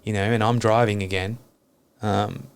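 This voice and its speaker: A man's voice: fairly low pitch, level tone, normal speed, vocal fry, smooth. A man talking openly and earnestly as a podcast guest, reflecting on his life and swearing casually.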